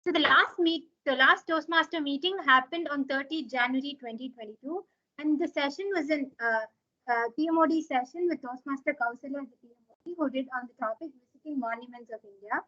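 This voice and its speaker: High-voiced woman giving meeting minutes. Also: brisk, sharp tone, dull audio. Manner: hesitant, many uh fillers. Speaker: club member presenting meeting minutes.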